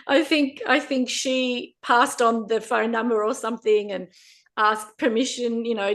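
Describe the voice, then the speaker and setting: A woman, a podcast guest telling her own story in a lively way with frequent laughter. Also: a little high, a little slow. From Australia. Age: 50s. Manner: animated, laughs often while telling a story. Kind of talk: personal storytelling interview.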